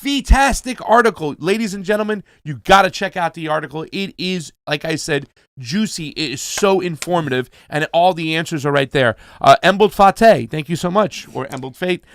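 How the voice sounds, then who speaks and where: Slightly high-voiced guy hosting a stream, dry sound, pumped up, keeps saying fam. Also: normal speed, fairly bright tone, no room sound. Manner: hyped, reads donor names, calls viewers fam. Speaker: livestream host. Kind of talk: casual livestream chat.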